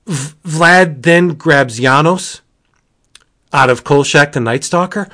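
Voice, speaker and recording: A man reviewing comic books in casual podcast chat, gushing and excitable, jumping to high exclamations. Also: takes it slowly.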